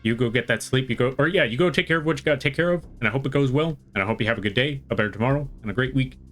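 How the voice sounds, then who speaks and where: A man from the western United States chats on a live art stream at a rapid-fire clip, his medium-pitched voice a bit bright. He speaks with a slight Southern-tinged American accent, rambles in a friendly manner, and greets viewers by name over faint music.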